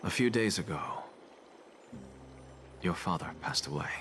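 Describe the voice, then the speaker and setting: An actor playing a solemn male scholar who speaks in a measured, hushed, grave way in game dialogue. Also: low voice, lively intonation, a little hiss or hum.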